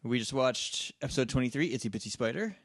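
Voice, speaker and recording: A man's voice: mid-range voice, animated, fast talker. A man co-hosting a casual podcast, tossing in short teasing quips. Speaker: podcast co-host. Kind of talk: casual chat.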